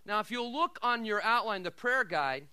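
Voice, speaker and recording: A middle-aged man preaching a sermon as pastor, telling stories with animated swings between shouted lines and quiet asides. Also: sits high, normal speed, clean tone, dry recording.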